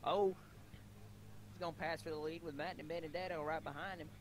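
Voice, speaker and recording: A man's voice: a little high, level tone, rapid-fire, a little hiss or hum. A man co-commentating a live race with friends, joking and blunt in his remarks. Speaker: co-commentator guest.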